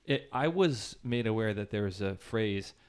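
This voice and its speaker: A man's voice: fairly low pitch, animated, normal speed, clean tone. A man co-hosting a podcast in casual chat, reflective and enthusiastic as he tells anecdotes. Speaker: podcast co-host.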